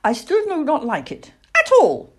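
A woman's voice: high-pitched, huge pitch swings, a little slow, voice pushed up, full character voice. A woman voicing a timid baby owl boy. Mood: fearful. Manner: anxious, hesitant and wondering.

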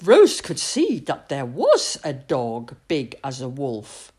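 A woman reading a picture book aloud, expressive, with dramatic pauses. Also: rumbling low, slightly rough. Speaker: storyteller.

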